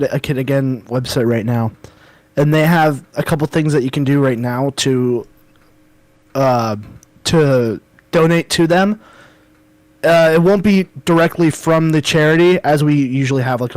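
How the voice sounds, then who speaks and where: A man's voice: medium pitch, no room sound. A young man co-hosting a casual podcast, telling stories animatedly and reading out donation details. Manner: animated storyteller. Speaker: podcast co-host. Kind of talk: casual chat.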